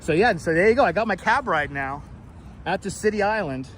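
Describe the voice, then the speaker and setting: A man's voice: sits high, animated, brisk, fairly bright tone, slight background noise. A man hosting a casual live stream outdoors in a city, talking loosely with swearing and frequent laughs. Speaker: live-stream host and tour guide. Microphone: wireless clip-on mic.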